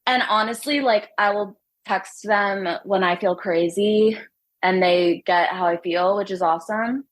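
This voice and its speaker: Young female singer guest, chatty and upbeat, slightly winded, mid pitch. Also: unhurried, low-quality recording. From United States. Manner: chatty, upbeat, laughs often. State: out of breath. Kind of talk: casual interview chat.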